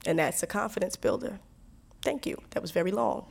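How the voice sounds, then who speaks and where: An earnest woman from New Jersey speaks in a reflective, conversational way, often restarting her sentences and laughing between thoughts. Her voice sits at a middling pitch, and she sounds like an artist sitting for an interview. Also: moderate pace, gravelly. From New Jersey, USA. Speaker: interviewee, singer and songwriter.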